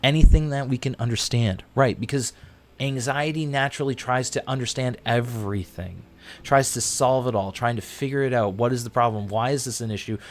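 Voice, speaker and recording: A man hosting a livestream, teaching a Bible passage in a casual, jokey way with sudden jumps in pitch and playful asides. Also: a little fast.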